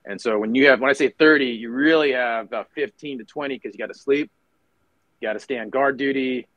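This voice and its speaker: A man's voice: mid-range voice, brisk, no echo, dull audio. A middle-aged man, a retired Marine officer, telling war stories as a podcast guest, acting out other people's lines, swearing casually, with lots of fillers and restarts. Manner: animated storyteller who acts out others' lines, many fillers and restarts. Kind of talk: storytelling interview.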